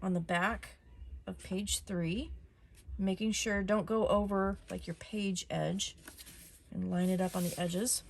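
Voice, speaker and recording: A woman hosting a casual step-by-step craft tutorial at her desk, talking in a chatty, relaxed way with frequent ums and small restarts. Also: mid-range voice, slow, vocal fry.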